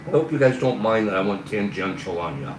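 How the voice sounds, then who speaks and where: A man's voice: on the low side, lively intonation, brisk, roomy sound, recorded from a distance, a little hiss or hum, poor audio. A man hosting a livestream, talking in a casual, earnest, rambling way. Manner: earnest, rambling, talks through frustration. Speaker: livestream host.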